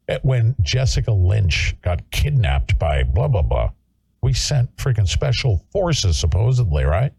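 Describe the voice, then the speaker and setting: A man's voice: fairly low pitch, big pitch swings, unhurried, gravelly, a little mellow, breathy edge, no echo. A male talk show host ranting in an angry, confrontational way and hectoring his listeners. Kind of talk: political talk show rant.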